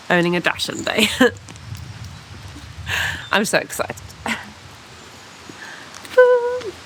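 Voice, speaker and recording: Woman, chatty vlog, bubbly, excitable, light background noise. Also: fairly low pitch, takes it slowly, long pauses. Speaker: professional saxophonist and vlogger. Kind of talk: casual vlog chat. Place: in a car and out and about.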